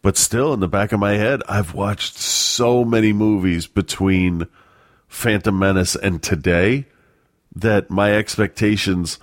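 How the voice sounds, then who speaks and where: A man's voice: on the low side, measured pace, dry recording, clean studio sound. A man in his thirties chatting casually as a podcast co-host, telling rambling, profane stories. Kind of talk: casual chat.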